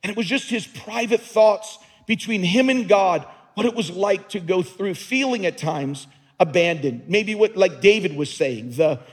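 This sermon comes from a pastor whose high-pitched voice has a husky edge and lively intonation. He speaks unhurriedly and earnestly, repeatedly circling back on phrases, while a long reverb echoes as if in a big hall.

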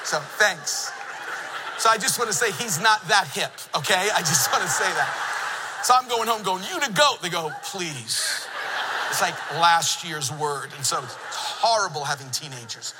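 A middle-aged man preaching a sermon in a church, an animated storyteller who jokes with the congregation. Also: fairly high pitch, moderate pace, long reverb tail, noisy background. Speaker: pastor. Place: church sanctuary.

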